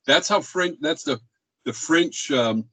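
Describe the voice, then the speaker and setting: A male music history teacher lectures in a casual, rambling way, filling pauses with ums and uhs. He voices speech rhythms to make his points. The recording is dry and close, with little room sound. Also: on the high side, animated, pushed and bright, no echo, low-quality recording.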